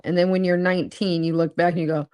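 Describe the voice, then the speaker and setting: A woman's voice: on the low side, level tone, quick pace, mellow, clear, resonant tone. A woman co-hosting a podcast, chatting casually and laughing often. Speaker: podcast co-host.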